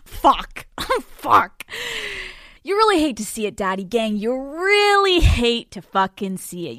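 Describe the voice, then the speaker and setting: A woman's voice: fairly high pitch, dry recording, studio quality. A woman in her twenties hosting a podcast, telling a comedic story in a brash, profane way, laughing often and acting out dialogue. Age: 20s. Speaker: podcast host. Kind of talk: comedic monologue.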